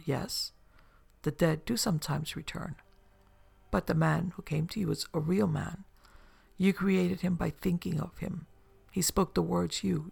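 A man reading a story aloud, voicing a proud, grave middle-aged male mystic who speaks in a formal, measured way. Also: a little high, gravelly, a little mellow, husky, full character voice.

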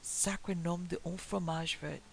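An excitable little French detective with a French accent bursts out in quick, formal exclamations, as a man acts him out. The voice sits a touch high, with a gravelly edge. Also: a little hiss or hum, rough recording. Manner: impetuous, exclamatory, formal phrasing.

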